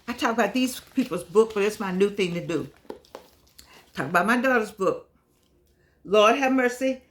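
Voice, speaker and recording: An older woman chatting casually to her viewers in a vlog, lively and affectionate, wandering from one aside to the next. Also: mid-range voice. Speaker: vlogger.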